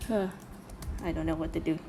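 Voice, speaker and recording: A woman's voice: sits low, steady tone, brisk, warm tone, a little hiss or hum. A woman reacting to a cartoon in casual, indignant commentary, swearing often and filling with "like" and "you know". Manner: indignant, swears a lot, many fillers. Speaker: reaction video host.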